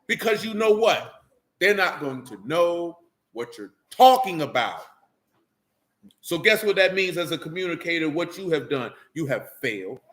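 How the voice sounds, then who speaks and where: A man with an African American Vernacular English accent teaching scripture in a sermon style, animated and preachy, full of rhetorical questions and street vernacular. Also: fairly high pitch, normal speed.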